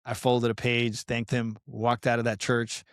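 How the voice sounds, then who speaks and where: A middle-aged man from Colombia, a podcast guest, telling a personal story in an earnest, animated, casual way, often saying "man" and "you know.". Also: mid-range voice, a little slow, dry recording, studio quality. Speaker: podcast guest, pastoral counselor and fitness coach.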